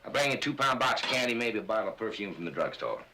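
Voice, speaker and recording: A brash, cocky man making crude, teasing passes. His voice is very deep and he talks quickly. Faint clatter and noise sit behind him. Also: sing-song, sharp tone.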